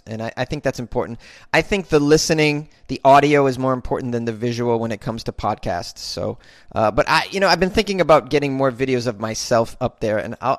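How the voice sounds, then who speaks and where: A man's voice: medium pitch, no room sound, studio quality. A man hosting his own podcast, chatting casually and self-deprecatingly as he answers listener comments. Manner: rambling, self-deprecating, with halting restarts. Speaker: podcast host.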